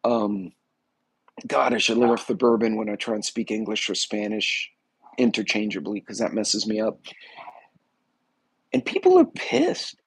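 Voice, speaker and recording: A man's voice: on the low side, big pitch swings, unhurried, vocal fry, pauses often, breathy edge, no room sound, rough recording. A man hosting a casual livestream, rambling through a story, greeting chat viewers and acting out what people said. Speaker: livestream host.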